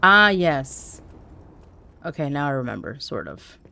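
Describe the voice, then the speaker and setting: A woman's voice: sits low, big pitch swings, unhurried, creaky, pushed and bright. A woman streaming a game live, chatting candidly and jokingly with her viewers as she plays. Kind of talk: casual chat while playing live.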